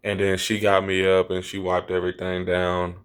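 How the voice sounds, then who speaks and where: Lowish-voiced man swearing his story is true. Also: moderate pace, clear, resonant tone. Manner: animated, acts out quotes in a raised voice; repeats himself, insists it is true. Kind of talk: casual storytelling to viewers.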